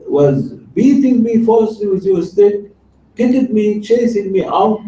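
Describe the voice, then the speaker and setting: A man voicing God in a sermon parable, patient and gently reproving. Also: on the high side. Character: divine voice, gently reproving a prophet. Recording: roomy, distant mic, faint background noise.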